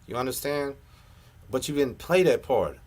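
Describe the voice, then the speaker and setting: A man's voice: medium pitch, expressive, moderate pace, darkish tone. Heated, profane man. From Texas. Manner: confrontational, profane, repeats "you know what I'm saying". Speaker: host of a prison story channel. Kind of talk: heated live reaction rant.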